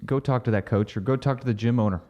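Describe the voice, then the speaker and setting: A man's voice: medium pitch, racing, darkish tone. A man co-hosting a casual podcast, giving direct, practical advice. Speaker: podcast co-host.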